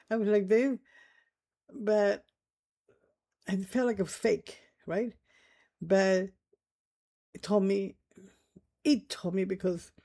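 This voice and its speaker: Rambling vlogger with a mellow voice. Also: mid-range voice. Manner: rambling, checks in with "right?" and "okay?"; loose, nonstandard English grammar. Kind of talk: casual spoken storytelling to camera.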